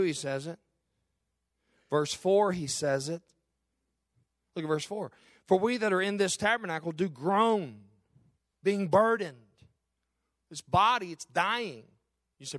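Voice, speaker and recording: A man's voice: sits high, moderate pace, long pauses, a bit bright, dry recording, clean studio sound. Man preaching a fervent sermon. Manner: impassioned preaching with repeated phrases. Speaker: pastor.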